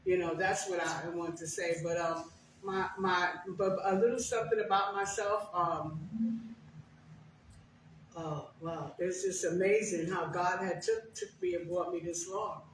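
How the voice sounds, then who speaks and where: Her voice low-ish, fairly even and unhurried, an older guest speaker recounts her personal testimony in a conversational way, putting emphasis into her stories. The recording, made far from the mic in a very echoey room, has a little hiss or hum.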